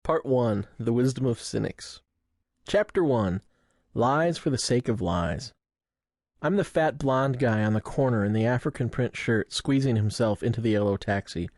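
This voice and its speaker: A man's voice: mid-range voice, lively intonation, moderate pace, darkish tone, no echo, clean studio sound. A young man narrating a first-person memoir in a wry, self-mocking, conversational way. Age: young adult. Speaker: audiobook narrator.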